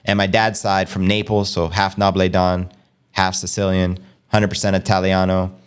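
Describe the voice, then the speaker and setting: American man, livestream host, casual chat, high energy, slang, resonant lowish voice. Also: clear, resonant tone. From United States. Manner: energetic, fast-paced, slangy. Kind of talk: casual livestream chat reading viewer comments.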